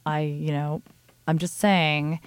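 A woman's voice: low voice, slow, smooth, no echo. Candid, swearing woman host in casual chat. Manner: candid, animated storyteller who swears freely. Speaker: podcast host.

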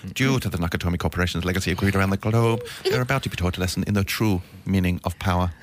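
A man's voice: low voice, rapid-fire, a little hiss or hum. A man co-hosting a podcast, sharing enthusiastic anecdotes and film trivia in casual chat. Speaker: podcast co-host.

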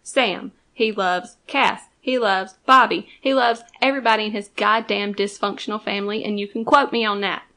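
A woman's voice: mid-range voice, steady tone, normal speed, hardly any pauses, bright, forceful tone. A young woman co-hosting a fan podcast, chatting casually and arguing her points with emphasis. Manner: emphatic, swears, argues a point. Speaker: podcast co-host.

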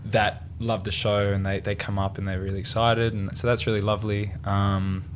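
A young Australian man, an actor, chatting casually in an interview and telling relaxed, laughing anecdotes. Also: fairly low pitch, normal speed, noisy background. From country Victoria, Australia. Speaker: actor and guest.

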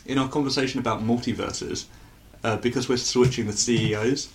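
A man's voice: medium pitch, steady tone, brisk, a little hiss or hum. A man co-hosting a comedy podcast in casual chat, joking and tossing in side questions. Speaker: podcast co-host.

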